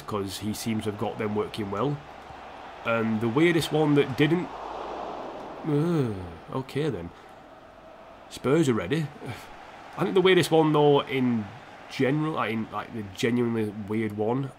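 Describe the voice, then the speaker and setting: Man, casual game stream, chatty and self-mocking, middle pitch, faint background noise. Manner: chatty, self-mocking, reacts to the match and answers chat. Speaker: streamer playing a football career mode. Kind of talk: casual live-stream commentary.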